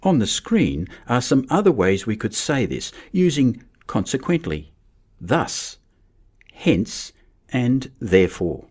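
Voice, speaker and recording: A man giving a measured, scripted narration for a lesson on writing. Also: medium pitch, big pitch swings, a little mellow, breathy edge. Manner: measured, explanatory. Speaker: teacher.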